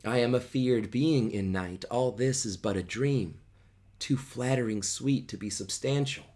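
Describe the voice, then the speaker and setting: A man's voice: mid-range voice, a little slow, mellow, lightly acted. A man reading out an eager teenage boy's lines in a dreamy, wondering way.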